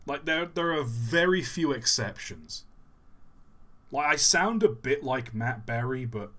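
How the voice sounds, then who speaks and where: Slow-talking joking young male streamer. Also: mid-range voice, animated, fairly bright tone. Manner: rambling, self-deprecating, joking. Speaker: livestream host. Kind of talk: casual live stream chat.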